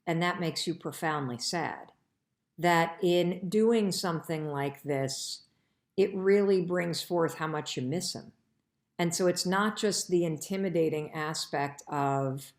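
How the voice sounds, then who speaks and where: A woman's voice: on the low side, animated, unhurried. Earnest woman host, live-stream advice. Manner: earnest, emphatic, addresses listeners directly. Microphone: live-stream broadcast mic. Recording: echoey room.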